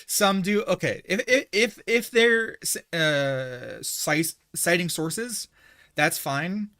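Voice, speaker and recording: A man streaming a video game live, chatting casually in a rambling, excitable way with frequent restarts. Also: high-pitched, slow pace. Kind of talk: casual livestream chat while gaming.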